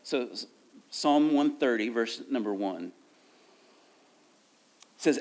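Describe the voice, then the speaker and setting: A man's voice: medium pitch, expressive, takes it slowly, long pauses, darkish tone. A middle-aged man preaching a sermon in an easygoing, conversational tone. He drifts from careful scripture reading into casual asides and self-aware dad jokes, and his voice rises and falls with emotion. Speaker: pastor.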